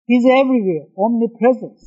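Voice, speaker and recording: A middle-aged man, a native Korean speaker, teaching a sermon-style lesson on scripture, halting between phrases and stressing single words. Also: very high-pitched. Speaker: pastor teaching devotion. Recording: dull lo-fi recording.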